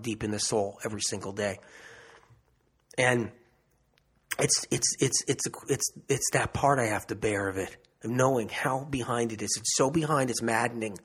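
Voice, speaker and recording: A man's voice: mid-range voice, a bit bright, slightly rough. A man giving an emphatic health monologue, repeating phrases for emphasis and restarting often. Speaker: health speaker. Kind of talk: impassioned monologue.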